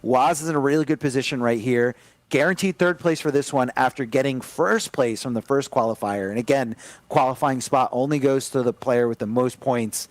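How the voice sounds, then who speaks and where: A man commentating a fighting game tournament live, excitable and rambling, with frequent restarts. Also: medium pitch, normal speed, no room sound. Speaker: esports commentator.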